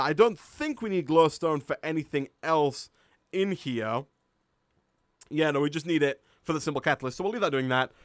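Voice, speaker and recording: A man with a Yorkshire accent, his voice sitting a little higher than most men's, gives chatty live-stream commentary over a game. He thinks aloud and laughs often. The recording is dry and close, with almost no room sound. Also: smooth, no echo. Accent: Yorkshire English. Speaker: gaming streamer.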